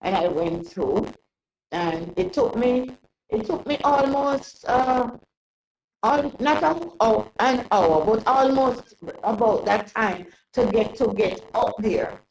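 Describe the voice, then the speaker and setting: An older woman telling a long personal story in an interview, rambling and halting with many restarts. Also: a little high, expressive, creaky, darkish tone, rough recording. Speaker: interview guest. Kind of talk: casual storytelling.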